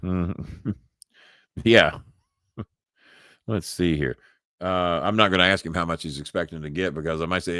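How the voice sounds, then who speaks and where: A man's voice: deep voice, a little slow, long pauses, sharp tone, no echo. An older man from Louisville with a Southern accent, hosting a live podcast in casual, rambling talk with frequent chuckles. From Louisville, Kentucky. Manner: rambling, chuckling, restarts words. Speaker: podcast host. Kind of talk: casual live-stream chat.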